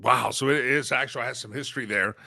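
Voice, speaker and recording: A man's voice: medium pitch, fast talker, vocal fry, sharp tone, dry recording, clean studio sound. A man hosting a casual live talk show, chatty and folksy, chuckling as he reads out viewers' sayings. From Southern United States. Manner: chatty, folksy, laughs often.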